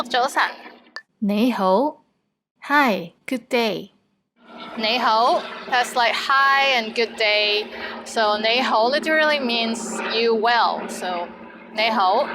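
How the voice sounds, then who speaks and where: A woman hosting a casual vocabulary lesson, upbeat and animated, repeating words slowly for learners. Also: on the high side, slight background noise, poor audio. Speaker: language teacher.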